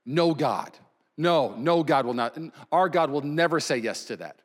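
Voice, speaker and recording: A male pastor preaching a sermon in a slightly higher voice, emphatic and swinging between loud and hushed. His voice carries a long reverb from a large church hall. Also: lively intonation, measured pace.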